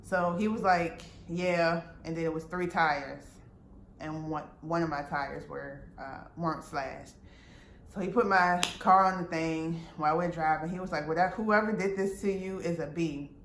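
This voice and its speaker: A woman's voice: low-pitched, moderate pace, fairly bright tone. A woman casually retelling a frustrating personal experience, full of fillers and quoted dialogue. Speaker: vlogger. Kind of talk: personal storytime. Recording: roomy with faint background noise.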